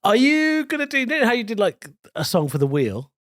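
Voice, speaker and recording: A British man in his thirties co-hosting a casual comedy podcast, teasing and dry with quick jokes. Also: extremely high pitch, big pitch swings, a bit bright. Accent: British English.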